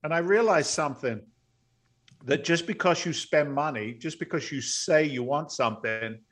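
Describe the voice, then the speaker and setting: A middle-aged podcast guest with a mid-range voice earnestly recounts his life story in an emotional interview. He sounds close to tears at times and breaks into loud, excited bursts.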